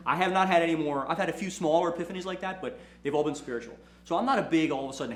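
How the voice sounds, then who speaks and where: A fast-talking lawyer and firm owner with a fairly high voice hosts a casual motivational talk in an echoey room. His storytelling is animated; he keeps repeating "right?" and acts out quotes.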